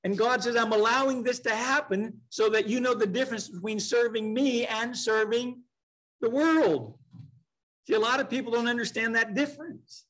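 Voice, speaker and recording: High-voiced man teaching a Bible class. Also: fairly bright tone, low-quality recording. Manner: conversational, reads scripture slowly, asks the class questions. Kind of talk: casual Bible study teaching. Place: church classroom.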